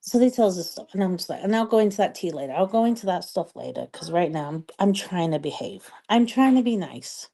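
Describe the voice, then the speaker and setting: A woman's voice: fairly low pitch, expressive, brisk, vocal fry, few pauses, warm tone. A woman chatting casually on a live stream while doing her makeup, telling a story in a chatty, exasperated way with lots of emphatic repetition. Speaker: social media strategist and vlogger.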